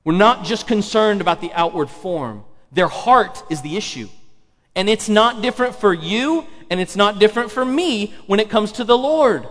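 A man with a high voice preaches from the front of a church sanctuary, and the sound carries a long reverb. He presses his points hard, repeats key phrases for weight and keeps asking the congregation rhetorical questions. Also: animated, moderate pace, a bit bright. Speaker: pastor. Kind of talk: sermon.

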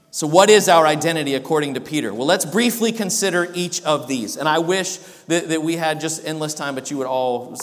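A man's voice: a little high, long reverb tail. A man preaching a sermon as pastor, emphatic, often restarting his sentences.

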